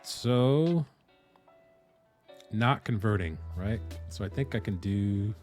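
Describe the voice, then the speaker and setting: A man from the Northeastern US streaming live, chatting casually with viewers and thinking aloud with frequent pauses. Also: on the low side, animated, darkish tone, soft background music. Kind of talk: casual live-stream chat while coding.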